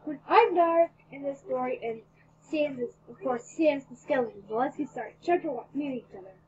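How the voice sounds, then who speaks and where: A woman reading her own fan fiction aloud as a video host, excitable and dramatic, jumping between loud outbursts and hushed mumbling. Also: sits high, normal speed. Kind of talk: read-aloud story narration. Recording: dull lo-fi recording, faint hiss.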